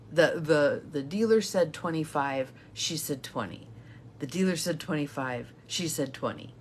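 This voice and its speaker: Low-voiced older woman coaching. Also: a little hiss or hum. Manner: warm-hearted, encouraging, chatty. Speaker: intuitive guidance coach. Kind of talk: casual motivational talk to live viewers.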